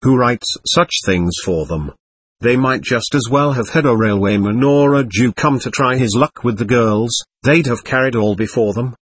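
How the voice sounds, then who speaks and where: A man reading the lines of a petulant, easily bored young man in an audiobook, with a husky voice. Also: medium pitch, normal speed, no echo, natural voice. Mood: indignant.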